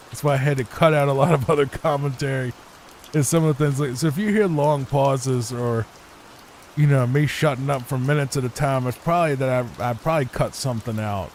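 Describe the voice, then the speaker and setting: A man's voice: mid-range voice, darkish tone, a little hiss or hum. A man giving improvised, rambling sleep-time commentary over gameplay at his home computer mic, often repeating himself. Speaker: gaming YouTuber. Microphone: desk microphone.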